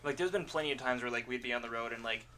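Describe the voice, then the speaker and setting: A man hosting a casual podcast, asking questions and chatting in a quick, easygoing way. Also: mid-range voice, pushed and bright, slight background noise. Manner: quick, chatty, laughing easily. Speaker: podcast host.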